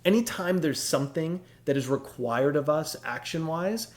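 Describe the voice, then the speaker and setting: A man's voice: a little high, expressive, normal speed. A middle-aged man hosting a reflective monologue, explaining ideas in an earnest, confessional way. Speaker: host.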